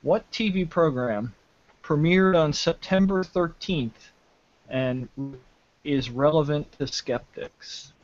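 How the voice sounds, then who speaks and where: A man hosts a live panel show over a video call from his home, his voice sitting a little high. He talks casually and haltingly, stopping and restarting with many fillers. The sound is dull and lo-fi, with glitches from a shaky connection. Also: no room sound. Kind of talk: casual hosting, introducing panel and trivia. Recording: dull lo-fi glitchy internet audio.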